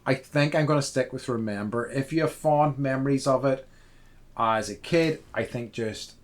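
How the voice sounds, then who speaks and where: A man with a hoarse, strained voice co-hosting a podcast, chatting casually about an old film with many fillers and restarts. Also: medium pitch, normal speed. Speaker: podcast co-host. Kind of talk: casual film review chat.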